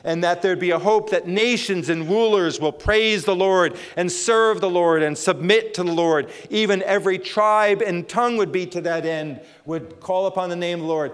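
A male pastor preaching a sermon to his congregation, emphatic, repeating phrases and often restarting his sentences. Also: high voice. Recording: long hall reverb.

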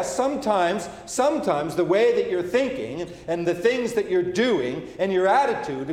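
A male preacher delivers a sermon in a fairly high voice, leaning on repetition and stopping to restart his phrases. The sound rings with a long, roomy reverb, as if he is recorded in a large church sanctuary. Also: darkish tone. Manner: repetitive, emphatic, with frequent fillers and restarts. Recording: echoey hall with long reverb.

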